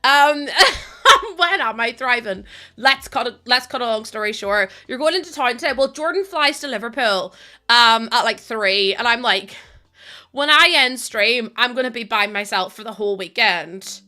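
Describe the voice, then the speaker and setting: Fast-talking Northern Irish woman, high and bright. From Northern Ireland. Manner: very fast talking, chatty, laughs often. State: tired from lack of sleep. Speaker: live streamer. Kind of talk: casual chat with a stream audience.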